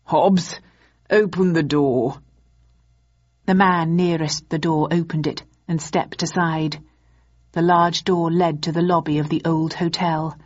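Woman, audiobook narration, measured, slow, husky, dull recording. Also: sits low, flat delivery, no echo. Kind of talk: scripted narration.

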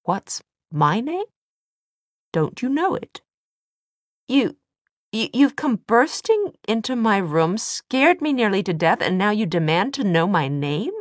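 A woman's voice: lowish voice, animated, unhurried, no echo, studio quality, voice pushed up. Woman doing a flustered young American woman. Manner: flustered, blunt questions.

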